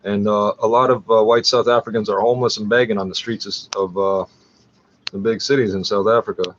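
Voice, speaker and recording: A man's voice: fairly low pitch, fairly even intonation, fairly quick, fairly bright tone, lo-fi sound. A man ranting in a profane, agitated, rambling way while scrolling through a screen share.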